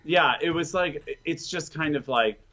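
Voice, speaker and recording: A man's voice: on the high side, unhurried, pushed and bright. Wry laughing man on dull audio. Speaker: co-host. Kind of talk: casual podcast chat.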